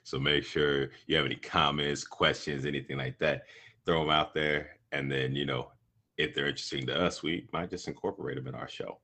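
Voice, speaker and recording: Very deep, husky podcast co-host man. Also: fairly even intonation, brisk, pushed and bright. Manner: laid-back, laughs often. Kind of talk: casual live podcast chat.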